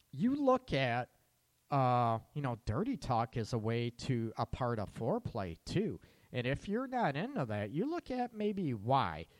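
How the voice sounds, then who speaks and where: A man's voice: mid-range voice, no room sound. A middle-aged man hosting a podcast, talking casually to listeners and throwing out rhetorical questions with a frequent "right?". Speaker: podcast host.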